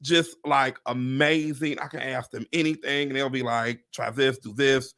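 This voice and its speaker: A man hosting a livestream chat, telling a story with excitement, acting out what people said, swearing and laughing often. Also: medium pitch, moderate pace. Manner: animated, acts out quotes, swears, laughs often. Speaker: real estate agent and livestream host.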